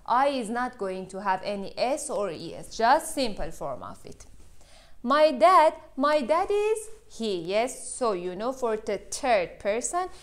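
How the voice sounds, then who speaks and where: In this video, a woman gives an English grammar lesson in non-native English. Her voice sits fairly high and has a sing-song lilt, and she keeps a measured pace. She fills gaps with lots of "uh" and tacks a checking "yes?" onto her points.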